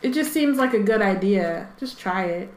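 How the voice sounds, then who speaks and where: A woman's voice: medium pitch, animated, normal speed, a little mellow, reverberant. A woman co-hosting a casual book podcast, chatting with lots of fillers and reading passages aloud.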